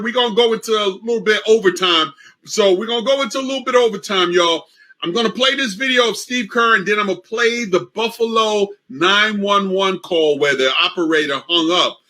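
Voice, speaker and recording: Guy hosting a talk show, talks loose and chatty to y'all, real bright high voice. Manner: casual, addresses audience as y'all. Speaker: host.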